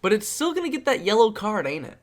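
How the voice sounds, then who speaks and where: A man's voice: sits high, sing-song, fast talker. A man co-hosting a casual film podcast, laughing, teasing and swearing freely. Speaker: podcast co-host. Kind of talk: casual chat.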